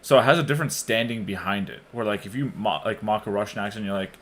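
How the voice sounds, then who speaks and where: Male co-host, lower register, casual and rambling, blunt. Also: quick pace, hardly any pauses, fairly bright tone, a little hiss or hum. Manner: rambling, filler-heavy, frank. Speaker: podcast co-host. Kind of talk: casual podcast chat.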